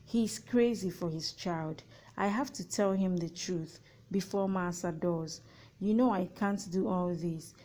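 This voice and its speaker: A woman narrating a TV plot recap, reading out every character's lines in an even, matter-of-fact way. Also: on the low side, unhurried, low-quality recording.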